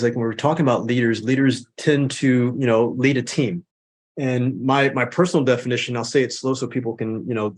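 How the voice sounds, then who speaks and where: A man who speaks professionally, a podcast guest who talks emphatically and repeats his key phrases. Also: medium pitch. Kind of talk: casual interview chat.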